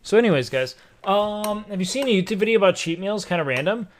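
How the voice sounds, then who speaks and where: A man's voice: high-pitched, lively intonation, quick pace. A young man streamer chatting casually on his live stream, rambling and swearing freely as he tells a story.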